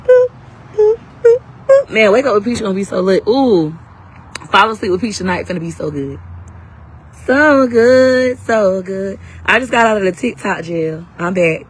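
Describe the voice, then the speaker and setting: A woman's voice: mid-range voice, fairly quick, breathy edge, poor audio. A woman selling her class live on her phone outdoors, brash and hyped, talking in slang while a little under the weather. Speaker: live-stream seller and coach. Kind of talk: casual livestream sales talk.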